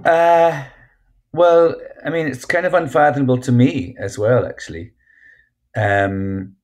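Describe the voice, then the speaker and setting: A Scottish man, an actor and author, telling stories frankly in an interview with lots of restarts. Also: on the low side. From Scotland. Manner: chatty, frank, many restarts. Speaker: actor and memoir author, guest. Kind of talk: casual interview storytelling.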